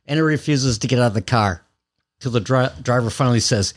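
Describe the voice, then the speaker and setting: A man's voice: medium pitch, expressive, fairly quick. A man with a Michigan accent co-hosting a podcast in casual chat, often stammering and repeating words. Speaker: podcast co-host.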